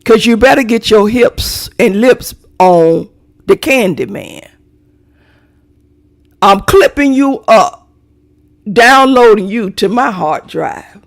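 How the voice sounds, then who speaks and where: Brash, profane middle-aged vlogger, gravelly. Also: medium pitch, expressive, slow pace, pauses often. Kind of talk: ranting monologue to viewers.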